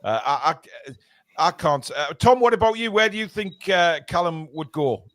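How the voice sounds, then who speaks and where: A fairly high-voiced man hosts a loose fan podcast. He laughs often, trails off and reads out viewer comments, and his voice sounds dry and close. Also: expressive, moderate pace, fairly bright tone, no room sound. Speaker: host of a fan forum show. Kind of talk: casual podcast chat.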